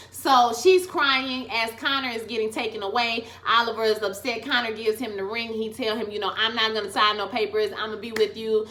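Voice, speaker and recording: A young woman giving a casual, slangy review of a TV episode, loud and animated, now and then breaking into song. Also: on the high side.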